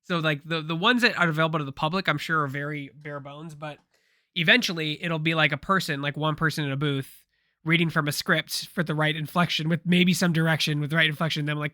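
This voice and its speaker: Bright, rambling man co-host. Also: a little high, steady tone, fast, no room sound, clean studio sound. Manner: rambling, opinionated, many restarts. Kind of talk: casual podcast discussion.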